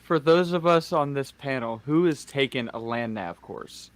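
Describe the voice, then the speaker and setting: A man's voice: mid-range voice, normal speed, no room sound. A man moderating a podcast panel, asking the others questions and throwing in dry jokes. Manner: dry jokey quips, asks the panel questions. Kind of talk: casual panel chat.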